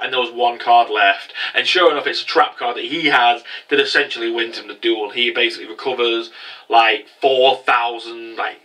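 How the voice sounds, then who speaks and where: A man recapping an anime episode in a rambling, excitable way. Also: mid-range voice, normal speed, far from the mic, poor audio. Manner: rambling, excitable, mocking impressions of characters. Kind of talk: casual spoken recap.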